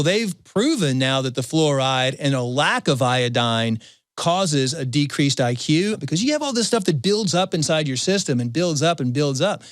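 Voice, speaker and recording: A man reading a product advertisement in a steady, explanatory way. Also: fairly high pitch, dry recording, clean studio sound. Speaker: ad announcer. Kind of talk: product ad read.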